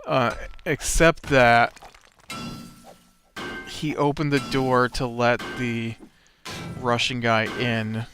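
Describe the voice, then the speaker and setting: Slow, bright-voiced man rambling over gameplay. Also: mid-range voice, flat delivery, soft background music. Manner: rambling, nitpicky recap with many fillers. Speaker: let's play host. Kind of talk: casual gameplay commentary.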